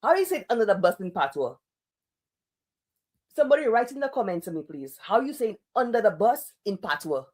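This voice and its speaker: A woman's voice: mid-range voice, big pitch swings, brisk, a little mellow. A Saint Lucian woman giving online political commentary in an exasperated, sarcastic, scolding way.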